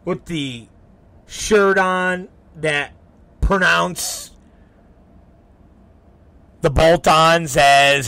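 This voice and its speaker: A man hosting a talk show, telling a profane story in animated, rambling fashion and acting out both sides of arguments. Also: a little high, dry recording. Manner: animated, profane, quotes people in quick back-and-forth. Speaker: podcast host.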